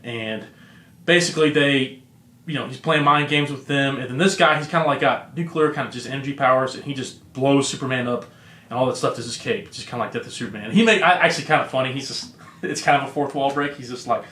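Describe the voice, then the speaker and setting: A man's voice: medium pitch, fast, bright, forceful tone. A man hosting a podcast, rambling through a story in casual chat with lots of fillers. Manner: rambling retelling with many fillers. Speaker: podcast host. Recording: roomy echo.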